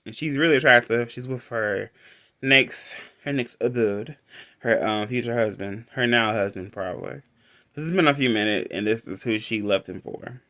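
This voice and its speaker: A man's voice: medium pitch, moderate pace, bright, forceful tone. A man casually recapping a film as a reviewer, rambling and restarting his sentences. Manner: rambling, restarts often, laughs between lines. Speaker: movie reviewer.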